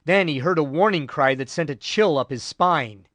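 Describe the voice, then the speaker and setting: A man narrating a war history audiobook in a measured, grave way. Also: fairly high pitch, a bit bright, no echo. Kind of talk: scripted narration.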